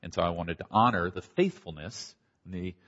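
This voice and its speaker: Field: conference talk. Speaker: middle-aged man, pastor, slight Southern accent. Sound: dull recording, long hall reverb. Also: low voice. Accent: slight Southern American. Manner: conversational, animated with quick asides. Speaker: pastor and church planter. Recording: dull audio in a large hall.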